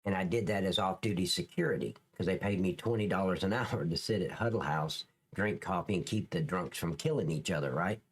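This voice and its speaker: A man's voice: deep voice, a little fast, few pauses, slightly rough. A man, a former police officer, giving blunt, profane commentary over clips in a casual livestream, dragging out words for emphasis.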